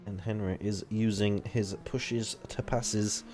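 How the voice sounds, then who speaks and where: A young man commentating an online racing league live, rambling and casual, swearing freely and jumping up when the action heats up. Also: slow pace. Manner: excitable, rambling, swears casually, jumps to high excited pitch.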